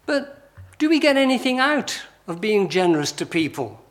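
A man's voice: sits high, sing-song, normal speed. A man preaching a sermon in a conversational style, full of rhetorical questions and emphatic lists.

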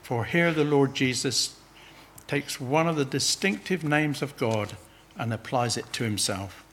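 A man's voice: medium pitch, measured pace, fairly bright tone, slight background noise. A man preaching a sermon, earnestly pressing his listeners with urgent questions.

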